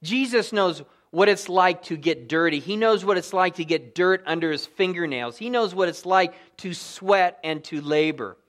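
A man preaching a sermon as pastor, telling the story with animated emphasis and sudden drops to a hushed voice. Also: sits high, normal speed, hardly any pauses.

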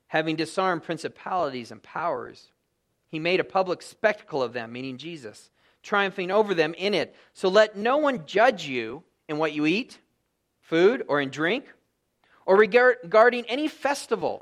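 Middle-aged male pastor, high voice, earnest sermon delivery, lots of rhetorical questions. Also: a bit bright.

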